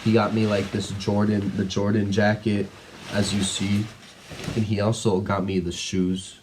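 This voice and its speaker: A man's voice: on the low side, flat delivery, measured pace, background noise. A teenage boy telling a story in a casual vlog, rambling with lots of "like" and some blunt swearing. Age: teens. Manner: rambling, heavy use of "like", blunt and profane at times. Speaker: vlogger.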